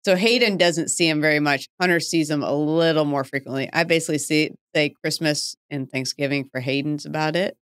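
A woman's voice: low voice, brisk, hardly any pauses, clear, resonant tone. A woman in her forties hosting a podcast, chatting casually, laughing often and poking fun at herself. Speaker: podcast host. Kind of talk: casual chat.

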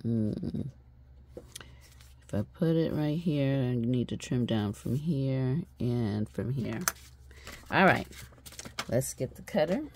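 A woman's voice: extremely low pitch, noisy background. A woman hosting a crafting video, chatting casually as she shows her journal and thinks aloud with fillers, sounding tired and yawning.

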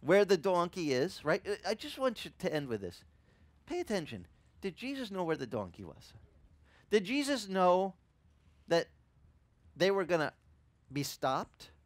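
Speaking at a measured pace with no echo, this pastor has a high-sitting voice and a Hawaiian accent. His sermon is animated, full of acted-out voices, jokes, and asides directed at the congregation.

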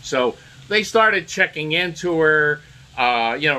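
A man giving a casual political commentary monologue, halting and repeating words as he restarts sentences. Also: on the high side, animated, sharp tone, a little hiss or hum, poor audio.

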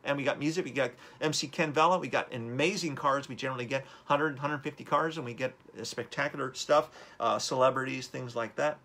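A man's voice: medium pitch, fairly quick, few pauses, pushed and bright. A man hosting a live-streamed motivational talk, upbeat and rambling as he urges viewers on. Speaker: host.

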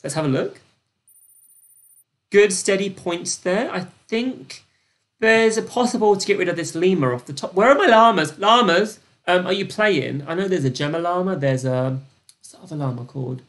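A woman's voice: fairly low pitch, normal speed. Chatty British woman hosting a live quiz. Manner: chatty, gossipy, with excited gasps and many fillers. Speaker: quiz host. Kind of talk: live-stream trivia hosting.

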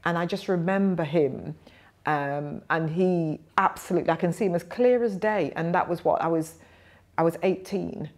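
Low-voiced woman in her fifties. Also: moderate pace. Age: 50s. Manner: animated, acts out quoted voices. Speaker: guest, nursing professor. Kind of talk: reflective storytelling.

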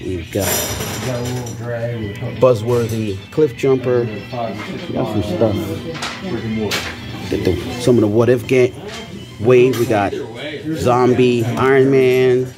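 A man's voice: medium pitch, fairly even intonation, slow pace, pauses often, over music. A man filming a casual toy-hunting vlog on a handheld camera, swearing a lot and ranting heatedly. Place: convention floor and stores, indoors.

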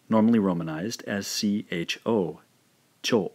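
Man, lowish voice, language teacher, scripted lesson narration, careful repeated pronunciation. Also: big pitch swings, a little mellow. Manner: slow, careful syllable-by-syllable pronunciation drills.

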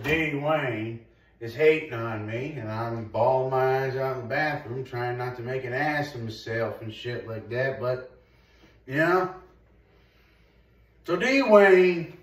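A man rambling through a crude comic monologue, profane and laughing at himself. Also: medium pitch. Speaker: vlogger. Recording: roomy echo, far from the mic.

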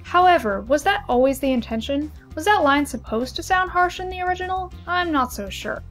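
A young woman giving an expressive, analytical video essay commentary with lively emphasis. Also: high voice, a little fast, faint music behind.

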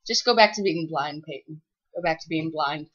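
A woman's voice: sits low, brisk, a bit bright. A teenage girl chatting and teasing a friend in front of a laptop webcam, giggly and bossy. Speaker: webcam vlogger. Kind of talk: casual goofy chat with a friend. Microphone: built-in laptop webcam mic. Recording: dull lo-fi webcam audio.

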